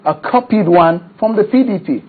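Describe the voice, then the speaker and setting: A man interviewing a guest on TV, probing and halting with frequent fillers. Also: high-pitched, lively intonation, husky, phone-quality sound.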